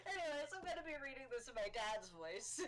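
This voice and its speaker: A woman's voice: fairly high pitch, very animated, a little fast, heavy background noise. A woman co-host chatting casually, joking, swearing and laughing often. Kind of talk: casual chat.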